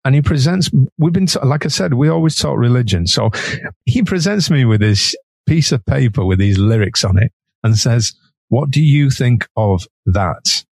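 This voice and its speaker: Gravelly Manchester man telling stories. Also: mid-range voice, animated, moderate pace, darkish tone, no room sound. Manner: chatty, laughs between sentences. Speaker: musician guest. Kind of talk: anecdotal storytelling.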